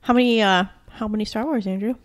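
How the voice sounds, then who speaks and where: Young woman telling a funny story. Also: mid-range voice. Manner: animated storyteller, quick reactions. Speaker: podcast co-host. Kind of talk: casual chat.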